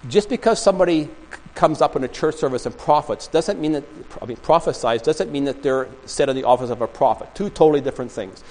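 A man's voice: fairly high pitch, fast, a little mellow, slight background noise, poor audio. A man preaching a sermon in a small church, telling stories and rambling with many restarts. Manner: rambling storytelling with frequent restarts. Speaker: pastor.

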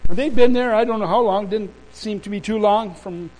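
A male preacher delivering a sermon and telling a story in an animated, emphatic way. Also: high-pitched, fairly quick, poor audio.

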